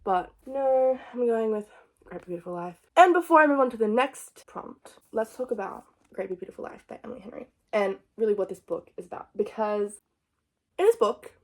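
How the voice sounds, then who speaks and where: A young adult woman chatting casually about books on her vlog, excitable and jumping between thoughts. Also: a little high, a little fast. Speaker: book vlogger. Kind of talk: casual book chat.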